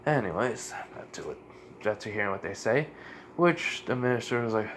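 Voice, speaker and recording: A man's voice: on the low side, lively intonation, normal speed, fairly bright tone, slight background noise. A man casually narrating an improvised fan story, rambling with fillers and self-corrections.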